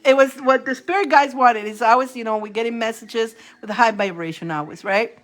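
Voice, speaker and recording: A woman's voice: on the high side, brisk. Giggly woman streaming a tarot reading. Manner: giggly, breaks into fits of laughter; chatty, rambling with restarts. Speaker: tarot reader on a livestream. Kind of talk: casual livestream chat.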